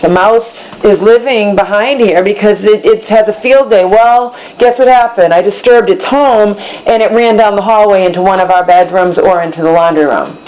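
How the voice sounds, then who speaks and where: A woman's voice: medium pitch, normal speed, hardly any pauses. A woman talking to the camera in a rambling, exasperated way, repeating herself as she goes, in her kitchen at home. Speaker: vlogger. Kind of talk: casual vlog monologue. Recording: slightly dull, faint background hum.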